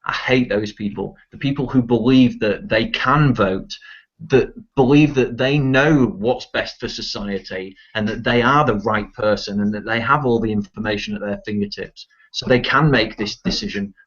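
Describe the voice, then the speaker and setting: A man's voice: fairly low pitch, moderate pace, fairly bright tone, husky. A young man in casual online voice chat, ranting bluntly and swearing often. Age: teens. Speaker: discussion participant. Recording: dull lo-fi voice chat audio.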